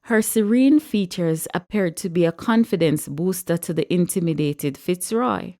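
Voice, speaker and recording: A woman audiobook narrator reads a storybook aloud in a voice lower than most. Her pace is measured, and her delivery is expressive yet steady.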